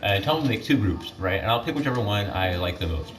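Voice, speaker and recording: A man's voice: on the low side, lively intonation, quick pace. A teenage boy casually retelling myths while gaming, rambling with lots of fillers and self-corrections. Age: teens. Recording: distant mic with clear background noise.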